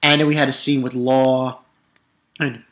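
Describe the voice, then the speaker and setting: A man's voice: medium pitch, level tone, a little slow, fairly bright tone. A young man casually recapping a cartoon episode, rambling and swearing, with lots of fillers and restarts. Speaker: anime episode reviewer.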